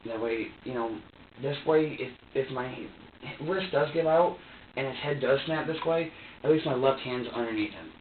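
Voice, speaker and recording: A man being questioned by police, recounting events in a halting, repetitive way with many fillers and restarts. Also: mid-range voice, far from the mic, a little hiss or hum. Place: sheriff's interview room. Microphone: distant room recorder. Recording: tinny lo-fi, echoey room, off-mic.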